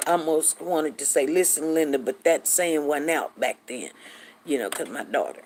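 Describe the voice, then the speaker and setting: A middle-aged woman hosting a casual live chat, telling stories in an animated, chatty way and acting out what people said. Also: low-pitched, normal speed. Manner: chatty, animated, acts out quotes, drawls. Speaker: host greeting live viewers.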